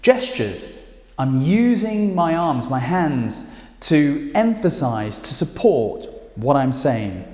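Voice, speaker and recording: A man with a British accent teaching presentation skills straight to camera, speaking emphatically with lively intonation. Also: on the high side, slow. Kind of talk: direct-to-camera instructional talk. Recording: echoey room with long reverb.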